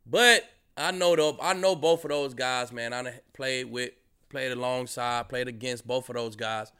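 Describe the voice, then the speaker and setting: A man who co-hosts a sports podcast and once played the game, talking in a relaxed, conversational way. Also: mid-range voice, normal speed, smooth. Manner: relaxed, conversational, asks "you know what I'm saying". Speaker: co-host, former player. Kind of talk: casual sports talk.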